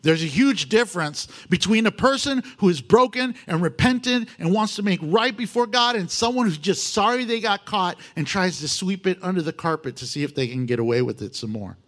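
A man preaching a sermon in a folksy, expressive way, teaching through a scripture passage. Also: high-pitched, fairly quick, few pauses. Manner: expressive, folksy, laughs often.

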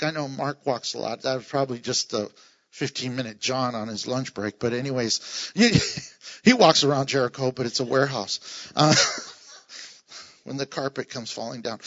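A man's voice: sits high, bright, forceful tone, muffled recording. A man preaching a sermon as pastor, playful, with joking asides and chuckles.

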